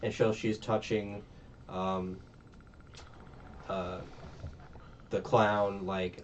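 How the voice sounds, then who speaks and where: Slowly and in a level tone, a man with a lowish voice casually recaps a movie plot, taking long pauses. He rambles with plenty of ums and uhs and acts out the characters' lines, captured on a distant, muffled mic with faint noise.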